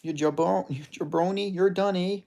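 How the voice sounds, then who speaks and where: A man doing a loud taunting Canadian brawler. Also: sits high, steady tone, normal speed, gravelly, voice pushed up. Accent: put-on Alberta Canadian. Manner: taunting, shouty, ends lines with 'eh' and 'hoser'. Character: brash trash-talking Canadian male fighter.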